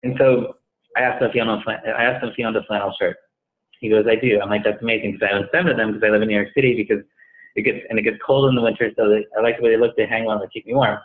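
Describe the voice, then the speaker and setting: Male interview guest, fast storyteller, call-quality audio. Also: lowish voice. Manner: animated, acts out dialogue in retold conversations. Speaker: guest, staffing company head. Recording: tinny phone-like line.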